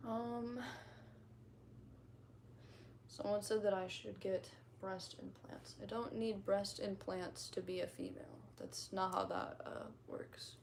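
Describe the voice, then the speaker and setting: A woman's voice: medium pitch, steady tone, slow pace, gravelly, a little hiss or hum. A young woman casually chatting on a stream, reading out comments and reacting in a blunt, profane, rambling way. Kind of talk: casual livestream chat.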